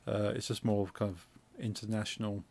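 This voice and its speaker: A man's voice: lowish voice, steady tone, fairly quick, vocal fry, darkish tone. A man with an English Midlands accent, hosting a game stream and chatting casually, rambling through explanations with lots of fillers. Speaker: streamer host. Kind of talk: casual chat while gaming.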